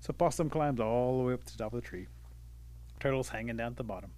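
A storyteller from the Cherokee Nation, telling a folk tale in a relaxed, folksy way with fillers. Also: male voice, medium pitch, fast talker.

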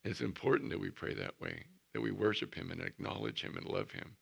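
Pastor guy preaching, deep voice with lots of gravel, earnest and emphatic. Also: wildly swooping pitch, brisk. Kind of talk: sermon.

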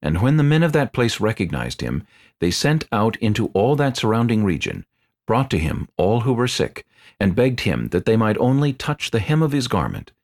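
A man reads scripture aloud in a low, clear voice. His pace is steady and even. His pitch rises and falls in a lively way. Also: moderate pace. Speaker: narrator.

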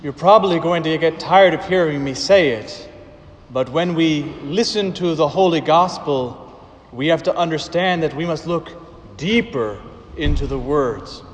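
A man delivers a sermon as a priest, speaking slowly and deliberately with dramatic pauses. His voice sits a bit high for a man. It rings with the long reverb of a large church. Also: slight background noise.

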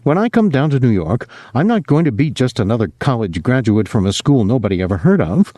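A man playing a guarded young man who holds his ground and speaks with quiet, measured certainty. The tone is mellow and warm, with a lively rise and fall, recorded dry and close. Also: mid-range voice, no echo. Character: reserved young man, stubborn and calm.

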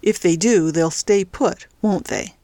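A woman's voice: fairly low pitch, a little slow, dark tone, no echo. A woman voicing a cold, controlling male crime boss in a storybook reading.

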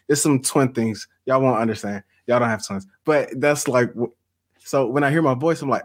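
Brief: middle-aged man, casual podcast host, animated storyteller with easy laughs, mid-pitched voice. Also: a little fast. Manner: storytelling, laughs often, addresses audience as y'all. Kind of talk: casual livestream chat.

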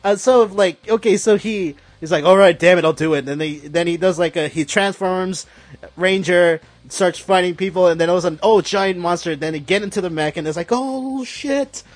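A man in casual talk, recapping a show in a rambling, excitable way with lots of fillers and swearing. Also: high-pitched, a little fast, no room sound. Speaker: podcast host.

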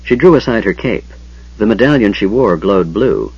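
A husky, low-pitched male voice narrates a fantasy audiobook, with an animated rise and fall in his pitch. The recording is dull and lo-fi, with the top end muffled. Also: moderate pace, dry recording. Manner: expressive, dramatic storytelling.

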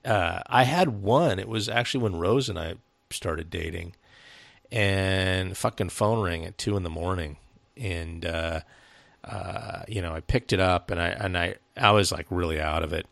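A man's voice: deep voice, unhurried, gravelly, a bit bright, no room sound. A man co-hosting a casual podcast chat, telling a rambling story with plenty of swearing, fillers and restarts. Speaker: podcast co-host.

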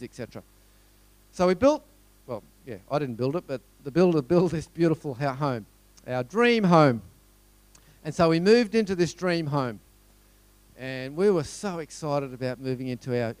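Australian man, middle-aged, storytelling speaker, rhetorical questions, smooth clear voice, dry close sound. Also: a little high, a little mellow, dry recording. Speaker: motivational speaker. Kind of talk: storytelling talk to a live audience.

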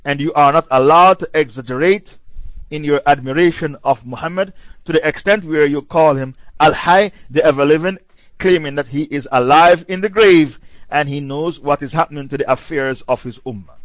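Combative high-voiced male preacher, lo-fi. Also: no room sound. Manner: combative, mocking, repeats points for emphasis. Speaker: Islamic preacher. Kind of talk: religious lecture. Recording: dull lo-fi dry recording.

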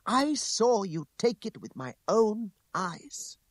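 A man's voice: mid-range voice, lively intonation, normal speed, gravelly, no echo. A man reading an audiobook, raising his voice to play a proud young woman who speaks with bitterness and contempt. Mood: scornful.

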